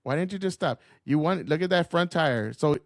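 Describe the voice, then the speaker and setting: A man's voice: a little high, expressive, moderate pace, creaky, no echo, clean studio sound. A man giving heated solo commentary to camera, swearing often and rambling with frequent restarts. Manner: profane, agitated, rambling with restarts.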